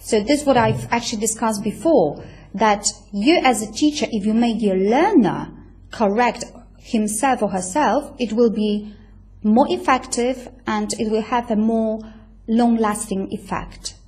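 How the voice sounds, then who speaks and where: A woman's voice: a little high, unhurried, a little mellow. A woman giving a university lecture, explaining step by step with many fillers and checking in with "right?". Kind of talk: recorded lecture.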